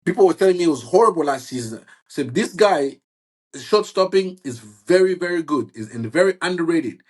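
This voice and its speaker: A man talking football in a casual chat, halting and restarting often and asking "you see what I'm saying". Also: on the high side, expressive, darkish tone, breathy edge. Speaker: football fan guest.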